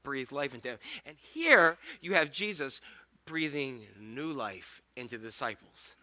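A male pastor giving a conversational, animated sermon, acting out the scripture scenes as he goes. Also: mid-range voice, unhurried.

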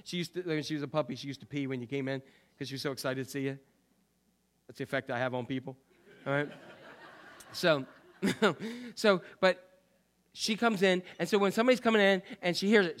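A man preaching a sermon as pastor, swinging from loud, emphatic lines to quiet, low asides. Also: a little fast.

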